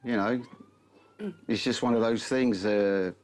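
A man's voice: lowish voice, fairly even intonation, unhurried. Easygoing male actor guest. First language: Turkish. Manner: easygoing, acts out quoted voices. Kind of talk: interview answers.

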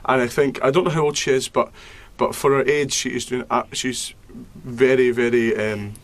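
A man's voice: mid-range voice, fairly even intonation, normal speed. A man, a reality show housemate, chatting casually and gushing in a flustered, giggly way. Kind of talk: casual chat.

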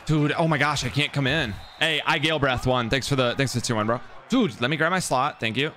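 A young man commenting on his own gameplay on a live stream, chatting with viewers and shouting when plays go wrong. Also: mid-range voice, fairly quick, a little hiss or hum. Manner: excitable, yelling in frustration, chatting with stream viewers. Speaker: gaming streamer. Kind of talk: live game commentary while playing.

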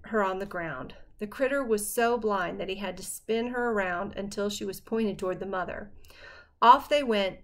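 Brief: woman audiobook narrator, mid-pitched, steady first-person storytelling.

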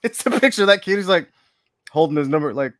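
A man's voice: a little high, lively intonation, fast talker, fairly bright tone, no room sound, clean studio sound. A man hosting a casual livestream from his hobby room, telling rambling, laugh-filled stories. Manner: laughs often, rambling anecdotes. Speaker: livestream host. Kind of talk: casual chat.

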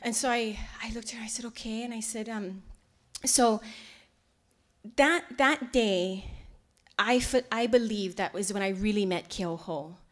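A woman from Hawaii, giving a lecture as a heartfelt storyteller who often drops to a hushed near-whisper. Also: on the high side, a little slow. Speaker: lecture speaker.

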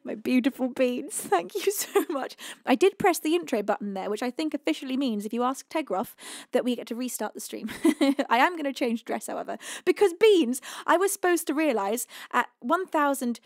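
Gushing high-voiced woman streamer. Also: expressive, moderate pace, no echo, studio quality. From United Kingdom. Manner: effusive, affectionate. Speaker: live-stream music host. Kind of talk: casual live-stream chat.

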